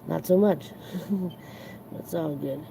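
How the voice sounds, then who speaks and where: A tired livestream host chatting casually to viewers, earnest and reflective, rambling and halting with many restarts. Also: mid-range voice, gravelly, background noise.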